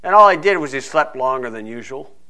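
A man's voice: mid-range voice, animated, brisk, sharp tone. A man preaching a folksy, digressive sermon, teaching verse by verse.

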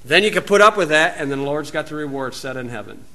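A man's voice: on the high side, expressive, fast talker, bright, forceful tone. A man with an American accent giving an informal, folksy Bible teaching outdoors, wandering into asides and rising to emphatic preaching.

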